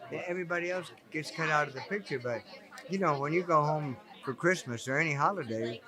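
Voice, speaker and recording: A man, an actor, speaking earnestly at a red carpet interview, often restarting his sentences. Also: on the high side. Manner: earnest, halting with many restarts. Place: busy red carpet event. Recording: crowd chatter behind.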